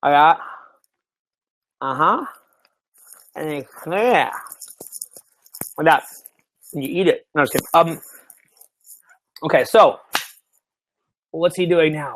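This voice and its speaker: A man's voice: on the high side, animated, takes it slowly, pauses often, fairly bright tone. A man in his thirties, a dating coach, talking loosely and animatedly to camera, swearing freely and laughing often. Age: 30s. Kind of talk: casual coaching talk to camera. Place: small indoor room, seated.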